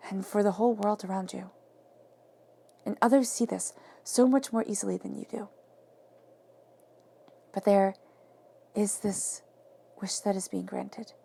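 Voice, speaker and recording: A woman reads tarot in an emphatic, affirming way. Her voice is gravelly and dark in tone, and she often sinks into soft whispers to stress a point. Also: medium pitch, steady tone, a little slow, long pauses. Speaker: tarot reader. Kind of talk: spoken tarot reading.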